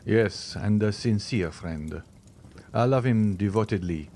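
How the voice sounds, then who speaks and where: A man's voice: fairly low pitch, a little slow, dark tone, a little hiss or hum. A man reading the part of an earnest, eager young viscount. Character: young viscount, eager and devoted to his mother.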